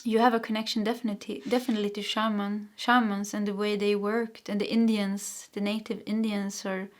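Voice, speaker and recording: A Swedish-born woman giving a pick-a-card tarot reading, encouraging and rambling, with many restarts and soft laughs. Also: mid-range voice, little pitch movement, brisk. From Sweden. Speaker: tarot reader.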